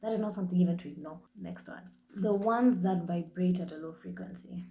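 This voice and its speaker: A woman in her twenties with a Kenyan accent, hosting her own podcast in a blunt, profane, animated storytelling style. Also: fairly low pitch, fairly quick, reverberant. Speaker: podcast host. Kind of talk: casual monologue.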